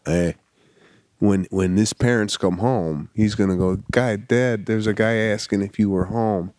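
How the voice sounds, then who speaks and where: A man co-hosting a casual comedy podcast, telling animated stories full of acted-out quotes and swearing. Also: on the low side, a little slow, dry recording, clean studio sound. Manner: animated storyteller, acts out quotes, swears freely. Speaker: podcast co-host.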